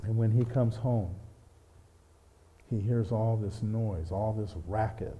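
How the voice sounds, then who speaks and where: Man preaching, dark and mellow voice. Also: lowish voice, steady tone, slow, a little hiss or hum. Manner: folksy, retells the story with asides. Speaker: pastor. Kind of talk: sermon storytelling. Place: church. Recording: long church reverb.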